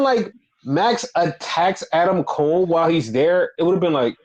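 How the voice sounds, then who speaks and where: Man, casual podcast chat, lively swooping pitch, fairly high voice, swears a lot, mocking voice impressions. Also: normal speed, lo-fi sound. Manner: animated, swears freely, acts out quotes in high mocking voices. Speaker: podcast co-host.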